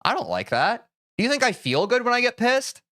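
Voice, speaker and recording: A young man streams live and vents to his chat, heated and profane, then settles into calm, measured apologies. His voice is bright and very lively, leaping up and down as he talks. It sounds close and dry, with no room at all. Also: very high voice, dry recording. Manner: heated, swears a lot, switches to calm apologies.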